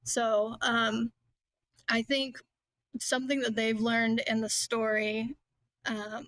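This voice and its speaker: A bright, clear-toned woman talks quickly and earnestly as a podcast guest. Her pitch sits a little high but stays fairly level, with light laughs slipped between thoughts. The sound is close and dry. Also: little pitch movement, no room sound. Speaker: podcast guest, children's book author. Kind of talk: casual conversational chat.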